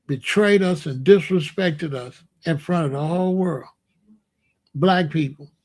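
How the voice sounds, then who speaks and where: With a high-sitting, darkish voice, a commentator from Chicago rants to camera in a monologue, hammering points repetitively and stretching words for emphasis.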